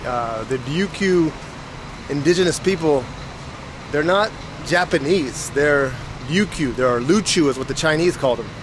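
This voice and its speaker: An American man chatting as he films his travels, thinking aloud with fillers, a bit hoarse. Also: a little high, animated, measured pace. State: losing his voice. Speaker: travel vlogger. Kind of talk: casual travel vlog narration. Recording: noisy outdoor street sound.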